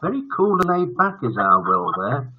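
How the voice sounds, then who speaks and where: Husky older man hosting. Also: medium pitch, sing-song, moderate pace, dull audio. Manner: jokey, chatty, teasing. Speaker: host. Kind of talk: live-streamed bedtime story show chat.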